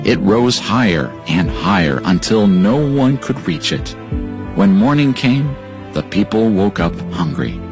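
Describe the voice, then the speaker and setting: A man giving slow, even scripted narration of a story. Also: on the low side, music in the background.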